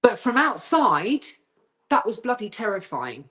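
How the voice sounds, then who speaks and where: A woman guest telling a haunting story on a video call, acting out the voices she quotes and going high and tense as the fright builds. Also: a little slow. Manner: lively storyteller who acts out quoted voices, rising high when frightened. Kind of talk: animated storytelling interview.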